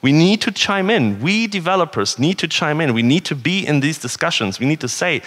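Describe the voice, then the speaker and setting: A man's voice: on the high side, lively intonation, brisk, hardly any pauses, fairly bright tone. A man from northern Germany giving a conversational, earnest conference talk with rhetorical questions. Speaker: conference speaker. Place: conference hall. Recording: reverberant hall.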